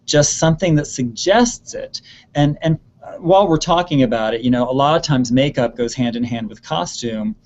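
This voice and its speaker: A man answering student questions about performing, in an earnest, steady voice with a middle pitch. He doubles words for emphasis ("really, really careful"). The web call audio is muffled and lo-fi. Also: normal speed. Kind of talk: advice in an online Q&A. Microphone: video call.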